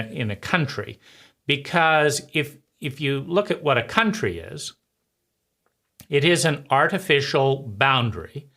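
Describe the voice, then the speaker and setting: A man hosting his own channel, giving a slow, deliberate philosophical monologue with frequent pauses between phrases. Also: medium pitch, bright, forceful tone. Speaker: channel host.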